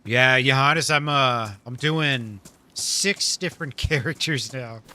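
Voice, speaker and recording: Chill guy streaming a game, bright tense voice, cusses a lot, chuckles at chat. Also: medium pitch, takes it slowly. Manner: laid-back, swears a lot, chuckles often. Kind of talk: casual live-stream chat with viewers.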